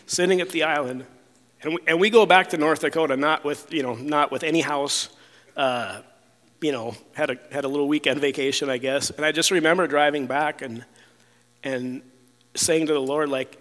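A man's voice: fairly high pitch, steady tone, moderate pace, a bit bright, big-room sound. A man telling a personal testimony in casual speech, rambling with many fillers and restarts, sometimes acting out what others said. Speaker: storyteller sharing a testimony.

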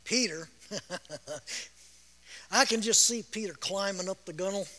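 A man preaching a sermon as a storyteller. He repeats words, laughs, and bursts out in loud shouts. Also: sits high, measured pace. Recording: long reverb of a large hall.

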